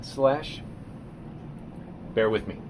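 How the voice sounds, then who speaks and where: A man, a painter, rambling on a live stream and reading his artist statement aloud, swinging from muttering to loud theatrical outbursts. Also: on the low side, animated, drawn-out words, noisy background.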